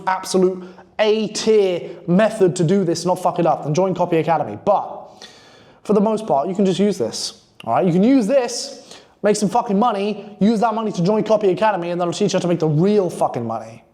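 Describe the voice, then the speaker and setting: A man's voice: high voice, lively intonation, a little fast, a little mellow. A man coaching on copywriting in a blunt, profane, hyped-up casual monologue.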